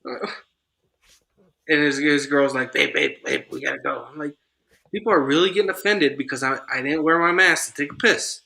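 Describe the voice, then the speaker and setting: A man's voice: on the high side, normal speed, pauses often, pushed and bright. A man from the United States, a podcast guest, telling blunt, profane stories in casual chat. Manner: blunt, emphatic storyteller.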